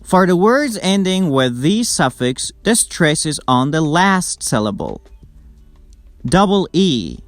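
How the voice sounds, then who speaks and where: A man teaching English word stress, slowly drilling word lists one by one. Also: a little high, big pitch swings, fairly bright tone, dry recording, soft background music. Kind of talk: slow, deliberate pronunciation lesson.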